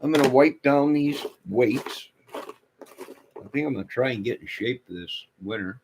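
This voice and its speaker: A man's voice: mid-range voice, lively intonation, a little slow, background noise. A man hosting a casual livestream, rambling and joking with his chat viewers, with a toothless way of speaking. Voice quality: toothless speech. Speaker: livestream host.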